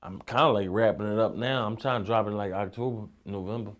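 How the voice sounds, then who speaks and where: This time his voice is lowish and steady, and he speaks quickly. The young Philly rapper tells loose, streetwise stories during an interview, peppered with swearing and "you know what I'm saying."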